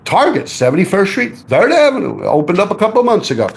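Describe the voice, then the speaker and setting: A man spins loose stories on a live stream. His voice rides high and swings widely, and a gravelly edge runs through it. His talk is salty street slang, and "man" closes line after line. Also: quick pace. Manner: animated, profane, street slang, keeps adding "man". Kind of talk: casual live-stream storytelling.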